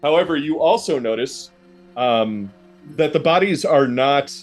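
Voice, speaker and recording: A man's voice: a little high, expressive, measured pace, faint music behind. A man narrating a tabletop horror game as game master, in a loose, rambling way full of ums and restarts.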